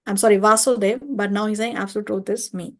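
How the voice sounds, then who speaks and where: A woman leading an online scripture study class, explaining step by step and often pausing to check with listeners. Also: mid-range voice, steady tone, a bit bright. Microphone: video call or home mic.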